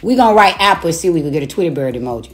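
Low-voiced woman ranting on a livestream. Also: animated, racing. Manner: taunting, cursing, laughing between insults. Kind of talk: profane live-stream rant. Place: home, a rented house.

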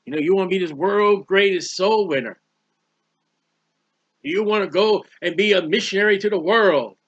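A man teaches scripture in a relaxed, conversational sermon. His voice sits high and sounds bright and forward. He hammers points by repetition and rhetorical questions. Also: normal speed, muffled recording. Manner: plain-spoken, asks rhetorical questions, repeats phrases for emphasis. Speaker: preacher.

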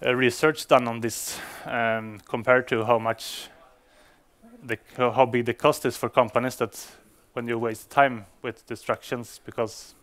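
Giving a conference talk for developers, a Swedish-born man speaks English non-natively and hesitantly, with plenty of fillers and restarts. He takes an unhurried pace in a mid-range voice that stays level and sounds fairly bright.

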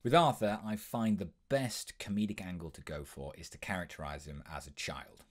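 A young man hosting a tutorial, explaining voice impressions in a brisk, instructive way with the odd um. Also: low-pitched, fairly even intonation. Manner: brisk, instructive, with frequent ums.

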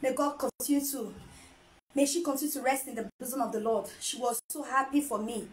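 A woman's voice: high voice, fairly quick, poor audio. A woman chatting casually to camera as a vlogger, playful and teasing, laughing often. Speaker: vlogger and mother.

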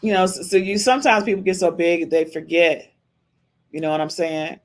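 A woman's voice: fairly low pitch, steady tone, normal speed. A woman hosting a podcast, giving casual reaction commentary on a livestream in an emphatic, chatty way and often tossing in a questioning "okay?". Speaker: podcast host.

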